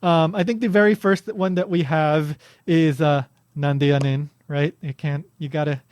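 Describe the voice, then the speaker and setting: A man's voice: a little high, fairly even intonation, moderate pace, darkish tone, clear, resonant tone, no echo, studio quality. A man hosting a podcast, chatting casually and explaining things with lots of restarts and fillers. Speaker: podcast host.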